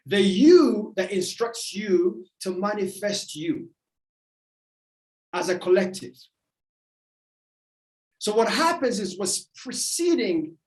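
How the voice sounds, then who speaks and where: A motivational speaker giving a livestream talk, emphatic and repetitive in a preacherly way. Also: medium pitch. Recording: roomy echo.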